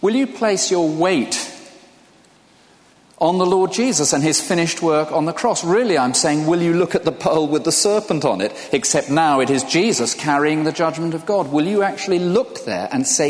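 A man's voice: fairly high pitch, expressive, normal speed. An older man preaching a sermon in a conversational way, putting questions to his listeners. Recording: long hall reverb.

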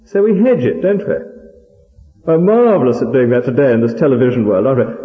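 A man's voice: medium pitch, animated, fairly quick. Older male preacher, conversational sermon, tag questions; dull lo-fi hall recording with long reverb.

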